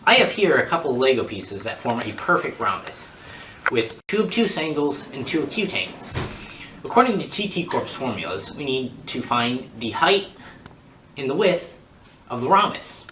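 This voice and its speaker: Male mock reporter, upbeat explainer, lively bright voice, echoey room. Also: mid-range voice, normal speed, noisy background. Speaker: field reporter. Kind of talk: mock news segment, explaining math.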